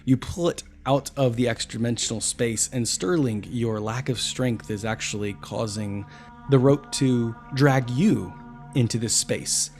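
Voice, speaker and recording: A man's voice: mid-range voice, a little slow, a little mellow, faint music behind. A man running a tabletop fantasy game, describing scenes and calling for dice checks. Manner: theatrical, descriptive narration. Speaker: game master.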